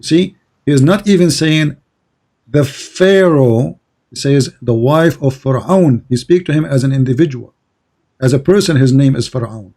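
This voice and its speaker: A man's voice: medium pitch, fairly quick, warm tone. A man whose first language is Arabic, insistent and lecturing in a heated debate, often repeating his words. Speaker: debate host.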